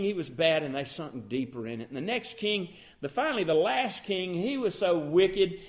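A man preaching a sermon with a dramatic delivery that rises and falls. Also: high-pitched. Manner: dramatic, rising and falling delivery.

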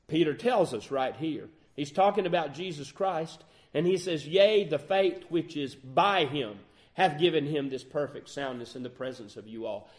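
Brief: male preacher, sermon delivery, higher voice with wide swings in pitch, scripture quoting. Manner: lively preaching, quotes scripture, rises and drops in volume.

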